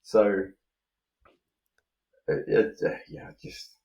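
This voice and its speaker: A man's voice: very slow, warm tone. A man, a motocross rider chatting casually as a podcast guest, rambling with lots of fillers. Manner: laid-back, rambling, many fillers. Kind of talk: casual chat. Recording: roomy echo.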